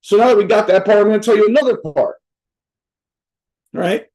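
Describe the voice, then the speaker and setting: A man's voice: sits high, fairly quick, a little mellow, poor audio. A man giving a casual, profane motivational talk on a video call, joking and rambling, tossing in "right?" after almost every point. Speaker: motivational speaker. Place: on a virtual event via video call.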